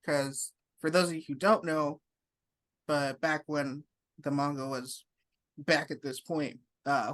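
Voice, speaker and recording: A man co-hosting a podcast, chatting about an anime in a relaxed way and filling in background details. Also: on the high side. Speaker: podcast co-host. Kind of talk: casual anime discussion.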